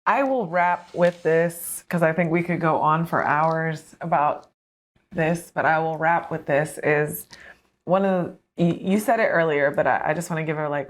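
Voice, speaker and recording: Woman podcast host, 30s, lower voice, chatty storyteller who laughs a lot. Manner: storytelling, animated, laughs often. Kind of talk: conversational interview.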